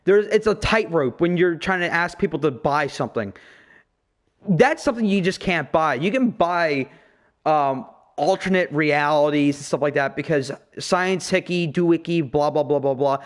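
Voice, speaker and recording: A man's voice: a little high, normal speed. A man hosting a casual podcast, ranting profanely and with strong opinions. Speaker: podcast host.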